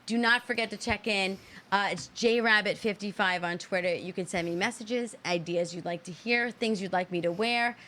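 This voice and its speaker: An American woman hosting a casual live show, telling a funny story with animated, laughing delivery. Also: mid-range voice, moderate pace. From United States. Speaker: host.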